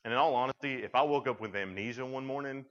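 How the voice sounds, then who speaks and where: A young man speaking to junior high students, telling stories in a conversational way with frequent restarts. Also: fast, long reverb tail. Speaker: youth speaker. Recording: dull lo-fi sound.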